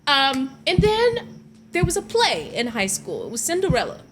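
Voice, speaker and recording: A woman guest on a podcast, telling stories in a lively, laughing way during a casual chat. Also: high voice, normal speed, a little hiss or hum. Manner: animated storyteller, laughs often. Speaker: guest actress. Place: podcast studio.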